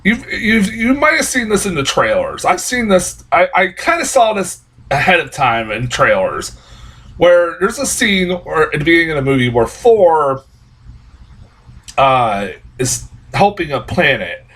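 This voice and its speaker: A man's voice: a little high, very animated, measured pace, a bit bright, slightly rough, poor audio. A young man reviewing a movie in a casual, exasperated rant, cursing often and rambling through restarts and laughs. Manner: exasperated profane ranting.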